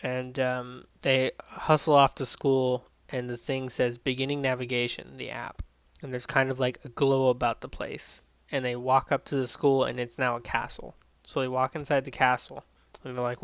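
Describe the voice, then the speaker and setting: A man's voice: medium pitch, flat delivery, normal speed, fairly bright tone, clear, resonant tone, no room sound. A man casually recapping and reviewing an anime episode, rambling with lots of fillers and swearing freely.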